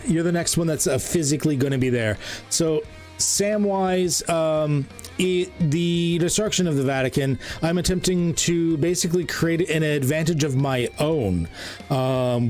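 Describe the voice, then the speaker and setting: A man's voice: on the high side, a little mellow. Rambling man running a tabletop game. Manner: rambling, full of ums and self-corrections. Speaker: game master.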